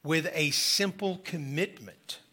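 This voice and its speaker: A male pastor preaching a sermon in a church, telling a story with slow, drawn-out emphasis. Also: on the high side. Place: church sanctuary.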